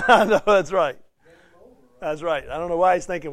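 A man leads a Bible study in a chatty, questioning way, acting out the lines he reads. His voice sits a little high and sounds dry and close, with no room around it. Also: lively intonation, fairly quick, no room sound. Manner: conversational, asks the class questions, acts out quotes. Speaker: Bible teacher. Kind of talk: interactive Bible study teaching.

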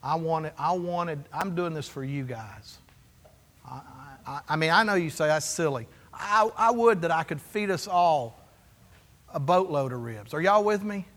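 A man's voice: on the high side, unhurried. A male pastor preaching a sermon in a church, telling stories and acting out the dialogue. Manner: storytelling, animated, acts out dialogue. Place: church sanctuary. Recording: long hall reverb.

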